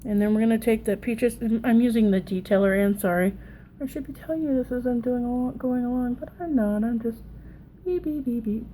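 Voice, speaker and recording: A woman's voice: a little high, steady tone, a little fast, warm tone, a little hiss or hum, rough recording. Chatty Southern woman in her thirties. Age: 30s. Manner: chatty, rambling, self-deprecating. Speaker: makeup vlogger. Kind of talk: casual get-ready-with-me makeup tutorial.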